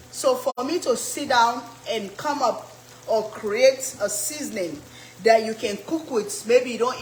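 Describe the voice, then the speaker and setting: Chatty african-born lady cooking live, higher voice, roomy kitchen with oil sizzling. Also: slight background noise. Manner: chatty, greets viewers by name while cooking. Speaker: cooking channel host. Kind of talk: casual live cooking chat. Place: home kitchen.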